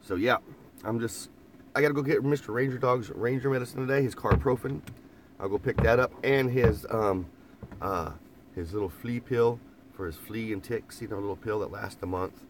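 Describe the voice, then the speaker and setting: A man's voice: mid-range voice, moderate pace. Easygoing man in a van, chatting live to viewers, repeats himself and laughs a lot, light background hum. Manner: rambling, laughs often, repeats phrases. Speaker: vlogger reading live chat. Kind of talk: casual live-stream chat. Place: inside a parked camper van.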